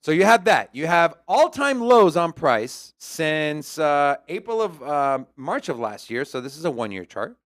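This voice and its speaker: A man's voice: fairly high pitch, unhurried, hardly any pauses. A man hosting a crypto news show, joking with his co-host and then walking through charts in a casual way. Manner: joking, animated, teasing banter. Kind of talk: casual chat and chart analysis.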